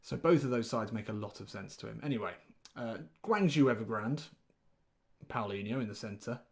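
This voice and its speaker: A man's voice: lowish voice, expressive, normal speed, gravelly. A man, rambling chattily through live gameplay commentary while greeting chat viewers. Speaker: game streamer.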